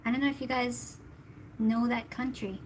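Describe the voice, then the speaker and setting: A woman's voice: on the high side, steady tone, normal speed, a little hiss or hum, low-quality recording. Chatty tarot reader woman from the Philippines. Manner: chatty, giggly, talks to chat viewers. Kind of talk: casual livestream chat.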